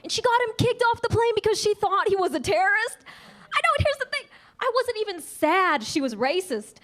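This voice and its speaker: A woman's voice: extremely high pitch, very animated, fairly quick, fairly bright tone. A young adult woman doing a brash, punchy stand-up comedy set on a club stage, talking into a handheld mic. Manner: brash, punchy delivery with acted voices. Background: audience laughter.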